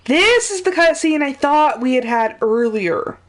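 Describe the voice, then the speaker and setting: Woman, live game streamer, casual chatter, laughs a lot, rambling, fairly high pitch. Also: lively intonation, a little slow.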